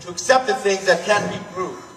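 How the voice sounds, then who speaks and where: A man's voice: high-pitched, fairly quick, music in the background. A man playing a grave, cryptic professor on stage who speaks solemnly about faith. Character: grave older male professor, cryptic and preaching. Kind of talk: stage play acting. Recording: echoey hall from far off, noisy.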